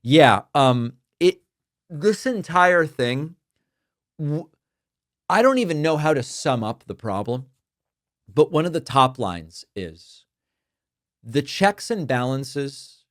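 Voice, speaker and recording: A man's voice: fairly high pitch, big pitch swings, slow, long pauses, dry recording, clean studio sound. A man hosting a political talk podcast, speaking in a conversational way, thinking aloud with fillers and restarts as he reads out listener mail. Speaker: podcast host.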